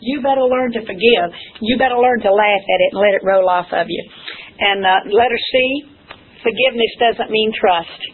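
A woman's voice: medium pitch, fairly even intonation, brisk. Older woman preaching from afar, tinny. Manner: earnest, emphatic, folksy, repeats key phrases. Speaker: speaker teaching ministry wives. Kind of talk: church teaching talk. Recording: distant, phone-like, faint hiss.

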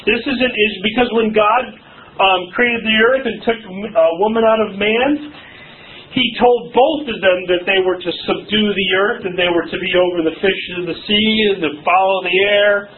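A middle-aged male pastor preaching a sermon, joking, laughing often and quizzing the congregation. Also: high-pitched. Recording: distant tinny phone-like sermon recording.

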